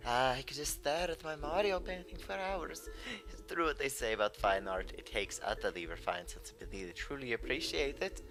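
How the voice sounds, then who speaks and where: A man's voice: mid-range voice, a little fast, music in the background, lightly acted. A man reading out a gloating, theatrical ghost king villain in a hammy, mocking voice.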